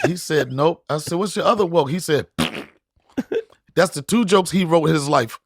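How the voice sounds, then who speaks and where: A middle-aged man, a guest comedian, telling stories in podcast chat, animated and acting out voices with frequent laughter. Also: a little high, unhurried, vocal fry, long pauses, no room sound. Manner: animated storyteller, acts out voices, laughs often.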